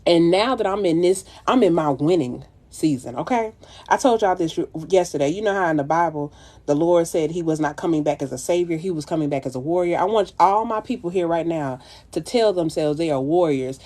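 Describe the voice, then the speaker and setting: A woman's voice: fairly low pitch, animated, a little fast, a little mellow. A woman streaming live and giving her followers a blunt, profane, preachy pep talk. She calls her listeners baby and child. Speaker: makeup artist livestreaming.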